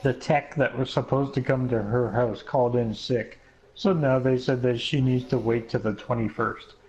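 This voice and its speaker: A man's voice: mid-range voice, steady tone, moderate pace, a little mellow, lo-fi sound. A man in a casual chat while gaming, making dry joking remarks.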